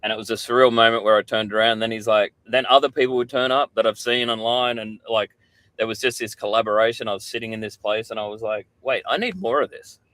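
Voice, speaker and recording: Lowish-voiced Australian man telling stories. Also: flat delivery, fast talker, fairly bright tone, no room sound. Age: middle-aged. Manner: candid storyteller, swears freely. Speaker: podcast guest. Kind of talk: casual podcast chat.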